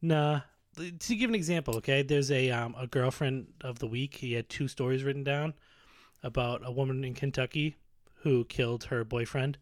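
A man's voice: mid-range voice, moderate pace, no room sound, clean studio sound. A man co-hosting a crude comedy podcast, teasing his partner and cursing freely. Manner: profane, teasing, mock-slogan delivery. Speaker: podcast co-host.

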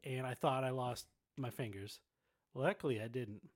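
A man's voice: medium pitch, moderate pace. A man co-hosting a podcast, telling stories in a loose, profane, laughing way. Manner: swearing, laughing storyteller. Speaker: podcast co-host. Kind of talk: casual chat.

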